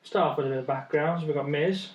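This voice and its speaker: A man's voice: a little high, fast, dull audio. A man co-hosting a wrestling podcast, telling stories with lots of laughter in casual chat. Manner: laughing storyteller. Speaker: podcast co-host. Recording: echoey room.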